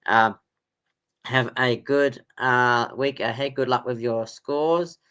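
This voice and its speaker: A man's voice: medium pitch, fairly even intonation, takes it slowly, bright, forceful tone, clear, resonant tone. A man hosting a casual sports podcast quiz, rambling with lots of ums and laughs. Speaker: podcast host running a quiz. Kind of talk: casual chat.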